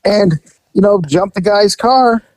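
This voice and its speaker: In a casual chat, an older man who retired from the police tells animated stories, performing the voices of the people he quotes. His voice is high-pitched and unhurried. The audio is poor, with no room sound.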